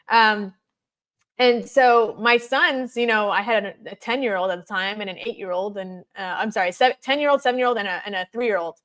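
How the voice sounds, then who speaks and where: A woman in her thirties, a podcast guest, telling her story in an animated way and acting out her children's words. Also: medium pitch. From United States. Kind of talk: personal testimony in a podcast interview.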